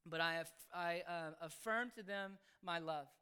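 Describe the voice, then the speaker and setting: A man explaining how he raises his children, speaking earnestly in halting phrases. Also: fairly high pitch, bright, forceful tone, smooth. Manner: earnest, halting, with frequent restarts. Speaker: father explaining his parenting. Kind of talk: casual spoken explanation.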